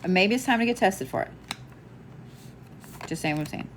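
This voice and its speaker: A woman's voice: mid-range voice, animated, moderate pace, slight background noise. A woman giving live psychic readings, casual and chatty, laughing and swearing now and then. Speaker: psychic medium.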